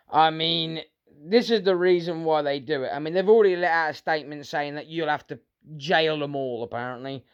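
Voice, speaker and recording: A man's voice: a little high, clear, resonant tone, dull audio. A British man delivering an angry, sarcastic, profanity-filled rant to his viewers. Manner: sweary, sarcastic, heated. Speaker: vlogger.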